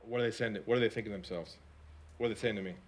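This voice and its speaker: Animated man telling a sales story. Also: racing. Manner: animated, swings between hushed quoted lines and high excited narration; repeats and restarts words, asks the audience questions. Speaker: sales coach. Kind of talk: storytelling keynote talk.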